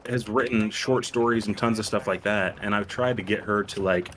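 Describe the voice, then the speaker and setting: Rambling young man with a low voice. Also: steady tone, moderate pace, a bit bright, a little hiss or hum. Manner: rambling, laughs often, swears freely. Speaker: stream co-host. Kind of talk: casual chat.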